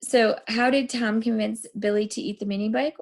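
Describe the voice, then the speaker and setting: A woman teacher reading a chapter book aloud and going over questions, relaxed with fillers. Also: fairly high pitch, moderate pace. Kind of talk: reading a novel aloud and quizzing students.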